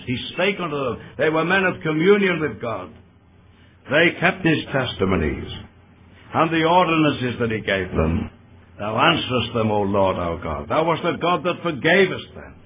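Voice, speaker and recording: A man preaching a sermon earnestly, pointing his listeners to scripture with shifting emphasis. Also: medium pitch. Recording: dull lo-fi recording with faint background noise.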